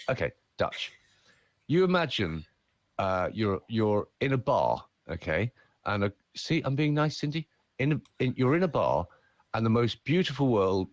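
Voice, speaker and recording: Playful, theatrical voice-over man, deep. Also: dry recording, lo-fi sound. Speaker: voice-over artist and speaker. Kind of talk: podcast conversation.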